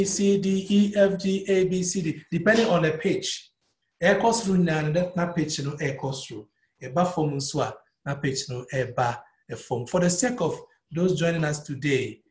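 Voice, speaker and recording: A man with a Ghanaian accent teaching a music theory lesson, mixing English and Twi and spelling out note names one by one. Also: mid-range voice. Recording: echoey room.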